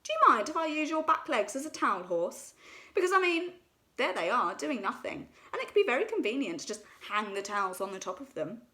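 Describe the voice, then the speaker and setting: A woman's voice: on the high side, big pitch swings, a little fast, bright, forceful tone. A woman voicing a fussy, polite male rabbit with a prim manner in a storybook reading. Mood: stern.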